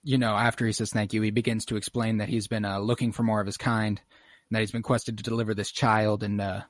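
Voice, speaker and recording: A man hosting a podcast over a video call, recapping an episode in excited casual chat, with plenty of fillers and swearing. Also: on the low side, brisk, dry recording, clean studio sound. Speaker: podcast host.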